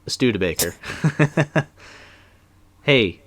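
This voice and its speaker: A man's voice: medium pitch, animated, drawn-out words, a bit bright, no echo. A young man co-hosting a casual movie commentary, talking in a loose, rambling way with lots of fillers. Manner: rambling, loose, with many fillers and trailing sentences.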